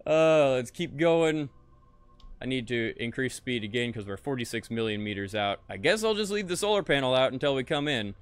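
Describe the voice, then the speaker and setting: A man's voice: medium pitch, moderate pace, clean tone, faint music behind. A young man streaming a space game, talking to chat and muttering in frustration, swearing often. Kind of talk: casual live-stream commentary.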